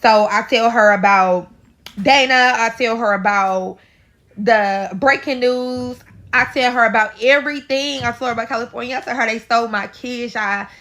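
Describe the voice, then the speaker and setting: A woman's voice: on the high side, moderate pace, a bit bright. A woman from St. Louis with a St. Louis accent, dramatically telling a personal story in a casual storytime and talking to her listeners as y'all. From St. Louis, USA. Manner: dramatic, addresses listeners as y'all, swears freely.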